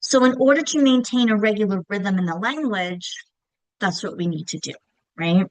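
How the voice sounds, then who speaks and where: The audio is rough and dry as a middle-aged woman with a Long Island accent delivers a reading lesson at normal speed in a mid-range voice. She's explanatory and often checks in with her listeners by asking "right?"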